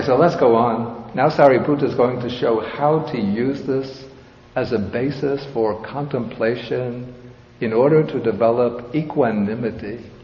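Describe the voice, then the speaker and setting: A man giving a dharma talk as a Buddhist teacher, explaining a scripture in a slow, measured, explanatory way. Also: medium pitch, darkish tone. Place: large hall with audience. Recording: reverberant hall, dull sound, faint hiss.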